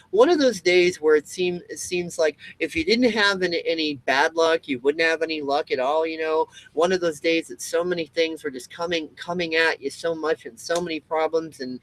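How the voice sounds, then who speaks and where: A man's voice: a little high, poor audio. A man talking to camera in a casual monologue, rambling with many restarts and swearing freely. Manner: acts out quoted people. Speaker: video host.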